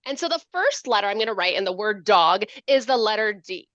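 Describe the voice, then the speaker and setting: Woman educator, bright lively voice, dry dull video-call sound, playful demo style. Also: medium pitch, a little fast, no room sound. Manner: animated, playful, asks questions. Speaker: literacy educator. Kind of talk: lively teaching demonstration.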